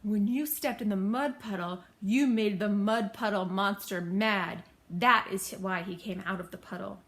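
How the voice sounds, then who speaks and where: A woman voicing a pompous male detective who declaims slowly and grandly. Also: mid-range voice, a bit bright. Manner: grand, declaiming, slow and emphatic. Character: pompous self-proclaimed great male detective.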